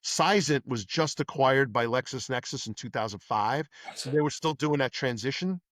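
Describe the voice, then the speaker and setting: A middle-aged New Yorker, once a police detective, appears as a podcast guest and recounts his old police days in a casual interview. He brings his animated anecdotes to life by acting out the other people's voices, speaking at normal speed in a mid-range male pitch. The recording is close and dry, with no room sound or echo.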